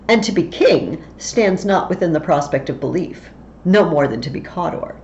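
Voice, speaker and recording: A woman's voice: on the high side, a little mellow, slight background noise, pitched above the performer's own voice. A woman voicing a commanding male nobleman in urgent, demanding declamation, from a slightly dull recording.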